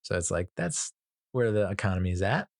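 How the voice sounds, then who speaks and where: A man's voice: on the low side, very animated, fairly quick, creaky, no echo, clean studio sound. A man hosting a podcast, casually reviewing a film in a rambling, profane way with many fillers and restarts and chuckling at his own jokes. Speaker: movie reviewer, podcast host. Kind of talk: casual movie review chat.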